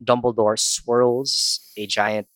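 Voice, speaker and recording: A young man in casual chat, talking quickly and laughing often. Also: medium pitch, level tone, a bit bright, no room sound. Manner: chatty, laughs often, jokey put-on voices.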